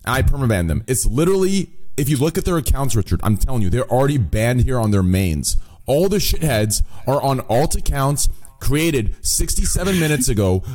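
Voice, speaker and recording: A man's voice: medium pitch, sing-song, normal speed, darkish tone. A man and streamer talking insistently and reassuringly in a casual group voice call, swearing often.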